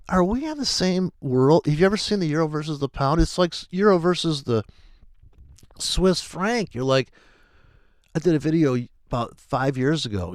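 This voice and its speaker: A middle-aged man hosts a forex trading video, rambling through a casual monologue in a profane, joking way. His voice is a little high, and the sound is clean studio audio with no echo.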